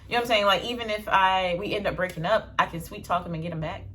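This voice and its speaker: A young adult woman, telling stories in a blunt, animated casual vlog with slang and swearing. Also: medium pitch, fast, slight background noise. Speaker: vlogger.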